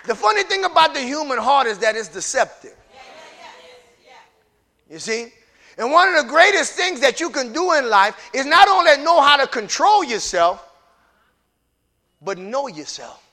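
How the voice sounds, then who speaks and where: A male pastor with a strikingly high, bright and piercing voice delivers an impassioned sermon. He swings between hushed, intimate stretches and shouted peaks. He talks straight to his congregation, with folksy asides. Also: very animated, normal speed, long pauses.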